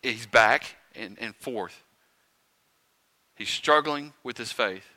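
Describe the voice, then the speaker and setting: A man preaching a sermon in a conversational way, asking the listeners rhetorical questions and swinging between quiet and loud. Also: mid-range voice, takes it slowly. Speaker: pastor. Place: church sanctuary.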